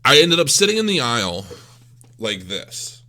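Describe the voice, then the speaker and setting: A man's voice: medium pitch, big pitch swings, moderate pace, sharp tone. A man recovering from illness tells a rambling, self-mocking story in a casual vlog, swearing freely. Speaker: crypto vlogger.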